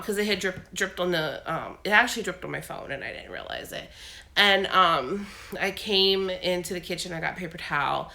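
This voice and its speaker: A woman's voice: fairly low pitch, creaky, pushed and bright. A woman vlogging casually at home, sick with a cold and her voice coming and going, telling a long rambling story full of fillers. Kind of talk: casual chat.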